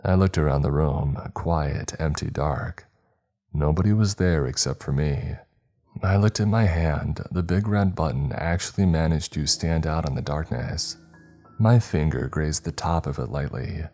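A man narrating a horror story in a measured, tense storytelling manner. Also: a bass voice, warm tone, faint music behind.

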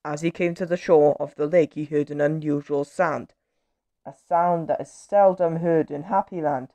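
A woman reading a children's picture book aloud, gentle and expressive. Her voice sits a little low for a woman. The recording is close and dry. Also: normal speed, no room sound. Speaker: storyteller. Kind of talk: children's story read-aloud.

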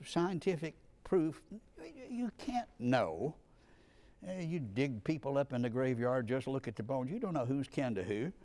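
A man's voice: on the low side, a little mellow. A man giving a conversational classroom lecture, arguing his points with emphatic, punchy stresses on key words.

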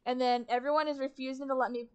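A woman streamer talks her way through a game in casual running commentary. Her voice sits a little high, and her self-talk is chatty, wry and sarcastic. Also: flat delivery, fast, a little mellow, smooth, highs cut off.

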